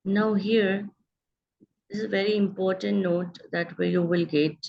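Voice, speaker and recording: Gravelly-voiced woman teaching grammar. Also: medium pitch, level tone, unhurried, muffled recording. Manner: patient, explanatory, checks in with students. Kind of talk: online grammar lesson.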